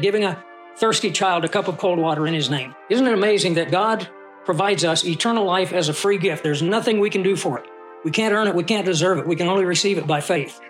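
A man teaching a Bible study, who reads scripture aloud and puts questions to his class. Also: high-pitched.

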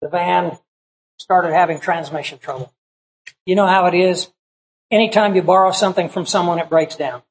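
A man's voice: high-pitched, fairly even intonation, moderate pace, a little hiss or hum, poor audio. Folksy middle-aged man preaching a story. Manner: folksy anecdotal storytelling with acted quotes. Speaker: pastor. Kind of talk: sermon storytelling.

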